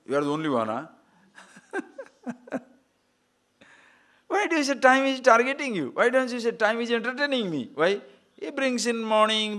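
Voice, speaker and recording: A man's voice: high voice, a bit bright. A man giving a spiritual talk, playful and laughing often, asking rhetorical questions. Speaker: spiritual teacher.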